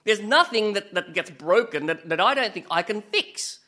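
A man's voice: sits high, animated, moderate pace, sharp tone. A man preaching a conversational sermon who keeps asking his listeners rhetorical questions and jokes about himself. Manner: asks the listeners rhetorical questions, chatty and self-mocking.

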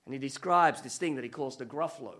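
A middle-aged man preaching a sermon as pastor, animated and storytelling, with joking asides. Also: medium pitch, fast talker.

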